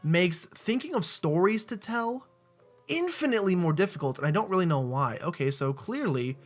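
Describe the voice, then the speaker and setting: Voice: mid-range voice, big pitch swings, normal speed, soft background music. A let's-play host giving casual, rambling, self-mocking commentary while playing a game at a desk mic. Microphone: desk mic with webcam.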